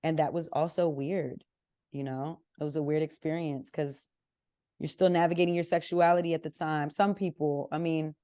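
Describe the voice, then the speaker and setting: A woman's voice: sits low, normal speed, no room sound, studio quality. A young woman from Southern California, a podcast guest telling candid stories in casual interview talk and acting out her family's lines. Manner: candid, animated, acts out family members' lines.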